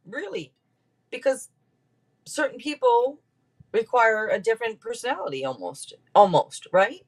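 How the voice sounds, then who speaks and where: A woman giving a casual tarot reading on a live stream, chatty and quick to laugh as she talks straight to her viewers. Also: fairly high pitch, expressive. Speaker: tarot reader.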